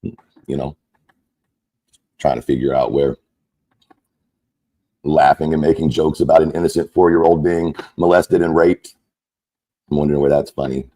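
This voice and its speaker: A man's voice: very deep voice, steady tone, moderate pace, pauses often, dark tone. A man delivering an angry, profane, mocking rant as a content creator. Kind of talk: angry ranting monologue.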